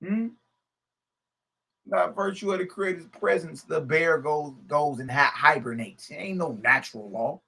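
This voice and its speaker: A man's voice: fairly high pitch, a little slow, gravelly, sharp tone, slightly rough. A man teaching a religious lesson, reading a scripture text aloud and breaking off into casual, laughing commentary that keeps asking "Hmm?" and "Huh?". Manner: laughs often while he talks.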